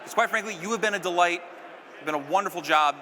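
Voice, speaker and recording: A man's voice: high-pitched, quick pace, bright, forceful tone, big-room sound. A man performing stage magic on a live stage, keeping up joking banter with a volunteer and the crowd.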